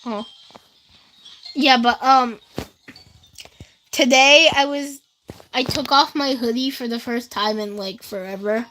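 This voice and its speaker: A teenage girl tells stories to her stream in a loose, chatty ramble, filling gaps with "um" and "like". Her voice sits on the high side and she takes her time. A faint hiss runs under it. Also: fairly even intonation, slow, pauses often, sharp tone, low-quality recording. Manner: chatty, rambling, many fillers, speaks straight to chat. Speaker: livestreamer. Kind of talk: casual storytelling to a live chat.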